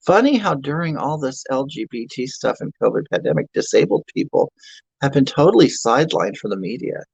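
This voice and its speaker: In heavily acted improvised character comedy, a man plays a crude, self-mocking, obese middle-aged woman on a livestream, rambling, stammering, and griping in reply to chat. His mid-range voice is sing-song, a little fast, creaky, a little mellow, and slightly rough. The lo-fi sound has no echo.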